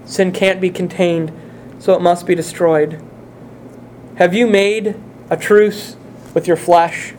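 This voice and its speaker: A man's voice: high-pitched, fairly even intonation, slow pace, long pauses, a little mellow, a little hiss or hum. A male pastor preaching a sermon, speaking earnestly and putting direct questions to his congregation.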